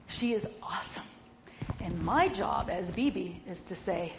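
An older woman co-hosting a Christian talk show, telling stories in a loud, animated way and laughing often. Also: mid-range voice, moderate pace, a little hiss or hum. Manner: loud and bossy by her own account. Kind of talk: casual faith-based chat.

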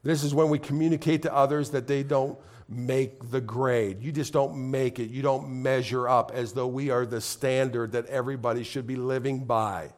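A man's voice: mid-range voice, steady tone, moderate pace, hardly any pauses. A man preaching a sermon to a congregation, repeating key phrases and asking the crowd to answer back. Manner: repetitive call-and-response preaching. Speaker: pastor. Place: congregation in a room.

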